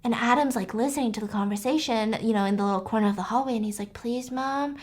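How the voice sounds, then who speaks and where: A woman's voice: mid-range voice, steady tone, racing, darkish tone, husky. A young woman casually recapping a plot, chatty and full of fillers.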